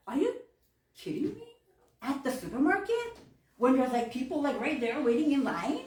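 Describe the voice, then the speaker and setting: A woman's voice: sits high, very animated, normal speed, a little mellow. Candid woman telling stories in church. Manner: candid storyteller, acts out quoted voices, laughs often. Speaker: church member giving a talk. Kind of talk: personal faith talk. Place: church hall. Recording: roomy, from far off the mic.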